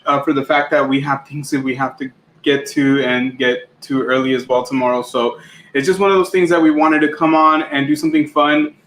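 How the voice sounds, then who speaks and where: A man's voice: medium pitch, fairly even intonation, a little fast, fairly bright tone. A man co-hosting a casual livestream, cheerfully greeting chat viewers by name. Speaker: livestream co-host. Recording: echoey room with faint background noise.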